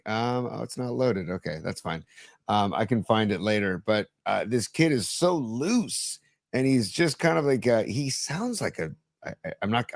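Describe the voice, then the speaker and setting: A man co-hosting a sports podcast, talking in a loose, halting way with many fillers. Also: mid-range voice, dry recording, clean studio sound. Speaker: podcast co-host. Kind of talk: casual sports chat.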